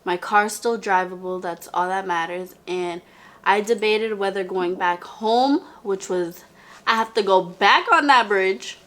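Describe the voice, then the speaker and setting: A woman's voice: medium pitch, unhurried, a bit bright. A young woman telling a casual storytime to her viewers, chatty and full of "like" fillers, calling the viewer "girl".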